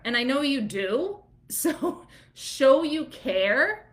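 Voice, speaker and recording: A woman doula and business coach who teaches to camera in a candid, animated way and laughs easily. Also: fairly low pitch, slow, a little hiss or hum.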